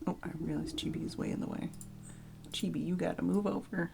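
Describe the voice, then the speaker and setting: Woman streamer with a deep low voice, chill and wry, just chatting while she plays. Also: brisk, creaky, slight background noise. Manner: relaxed, wry asides. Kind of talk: casual game streaming with read-aloud story.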